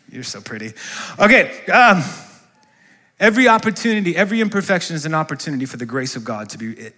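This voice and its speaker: A pastor delivers a sermon inside a church sanctuary, questioning his congregation and prompting them to answer back. He speaks in a fairly high, pushed, bright voice.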